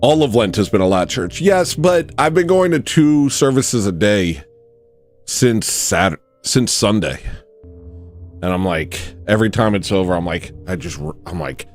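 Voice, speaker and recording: A man hosting a livestream, rambling through a comedic monologue and acting out shouting kids. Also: lowish voice, a little slow, faint music behind. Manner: animated, jokey, often mimics shouting kids. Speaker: livestream host.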